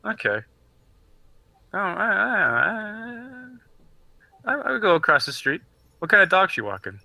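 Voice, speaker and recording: A man's voice: a little high, wildly swooping pitch, fast talker, bright, forceful tone, no echo. A young man playing a character in a casual tabletop role-play, playful and giggly. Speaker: player.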